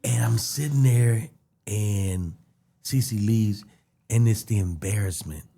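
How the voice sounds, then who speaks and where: A man who is a comedian, a guest on a podcast, telling a story in an animated, profane way and laughing as he goes. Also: fairly low pitch, slow, vocal fry.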